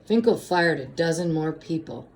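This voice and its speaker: A woman's voice: sits low, expressive, moderate pace, creaky, a little mellow. A woman reading a storybook aloud and voicing a boy who talks casually and urges his friend on. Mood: urging.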